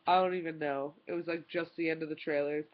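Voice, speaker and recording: A woman's voice: low-pitched, steady tone, quick pace, muffled recording. A young woman vlogger telling a story in an exasperated, rambling way, full of "like" and restarts. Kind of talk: casual storytime rant.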